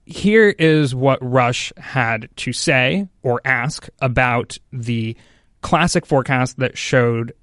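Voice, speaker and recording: Reading listener questions during a casual chat, this podcast host keeps things moving at a brisk clip. He has a mid-range, slightly bright voice, captured at studio quality with no room sound.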